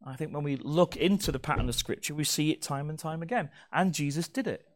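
Man, pastor, sermon, playful, teasing, slightly high voice. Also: brisk. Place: church hall.

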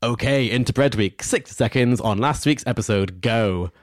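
A man co-hosting a casual podcast chat, earnest and gently scolding his partner. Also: medium pitch, moderate pace, no echo, studio quality. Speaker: podcast co-host.

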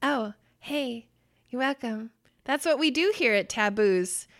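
A young adult woman co-hosting a casual podcast, telling stories with swearing and bursts of loud laughter. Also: fairly high pitch, lively intonation, takes it slowly. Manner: swearing, storytelling, laughs loudly. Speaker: podcast co-host. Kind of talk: casual chat.

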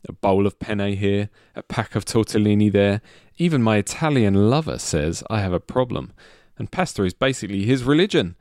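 A man hosting a casual comedy podcast, jokey and quick to laugh. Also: on the low side, no room sound, clean studio sound. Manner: jokey, laughs often, lively delivery. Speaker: podcast host. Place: small studio.

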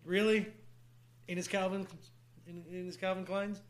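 A man with a high voice trades loose, teasing banter on a podcast. He jokes freely and swears often, keeping the talk casual. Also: little pitch movement, normal speed. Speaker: podcast co-host.

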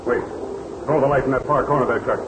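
An actor playing a heroic, commanding pilot in a 1930s radio drama, giving firm, clipped orders. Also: male voice, mid-range voice, steady tone, fast, lightly acted. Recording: echoey old radio recording with hiss.

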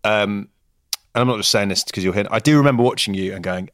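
A man's voice: lowish voice, fast talker, a bit bright, dry recording, studio quality. A man hosting a podcast, chatting casually and laughing through his own anecdotes. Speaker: podcast host.

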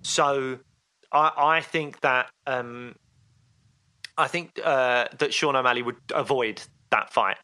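A man's voice: mid-range voice, slow pace, pushed and bright. A man co-hosting a sports podcast in casual chat, rambling with fillers and restarts. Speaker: podcast co-host.

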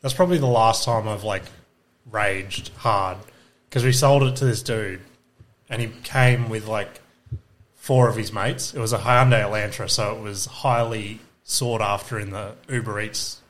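A man's voice: on the low side, steady tone, a little slow, a bit bright. A young Australian man, a podcast co-host, telling stories in casual chat, swearing freely and acting out what people said.

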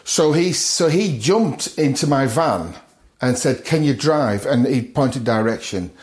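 A middle-aged man tells his story as a podcast guest, with a voice of ordinary pitch for a man. He acts out other people's lines and chuckles often as he goes. The room around him gives his voice a noticeable echo. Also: expressive, a little slow. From north of England. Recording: roomy echo.

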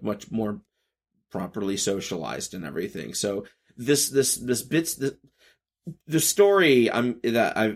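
A man in his thirties hosting a podcast, talking in a rambling casual monologue, halting and restarting often, swinging between high energy and subdued. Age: 30s. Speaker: podcast host.

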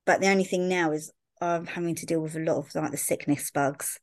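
Chatty woman with a lower voice. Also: steady tone, a little fast, dry recording, clean studio sound. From Sussex, England. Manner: chatty storyteller, peppered with "like" and "I remember". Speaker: podcast guest. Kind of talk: casual chat.

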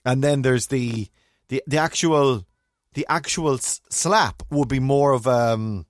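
A man's voice: medium pitch, slow pace, no echo, clean studio sound. A middle-aged man co-hosting a podcast in casual chat, often restarting and searching for his words.

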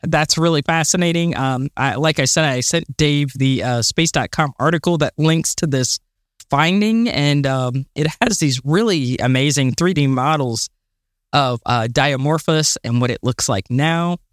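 Brief: male co-host, slightly high pitch, dry recording, chatty space enthusiast who rants. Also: unhurried, no echo. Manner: enthusiastic, exasperated rants with fillers and laughs. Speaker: podcast co-host. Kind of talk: casual chat.

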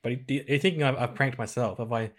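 A man's voice: mid-range voice, a loud crowd. Hesitant man on a film podcast. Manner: hesitant, halting defence. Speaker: podcast co-host. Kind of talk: casual film review chat.

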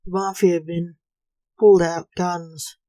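A woman narrating a story in a calm, even reading voice. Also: on the low side, slow, no room sound.

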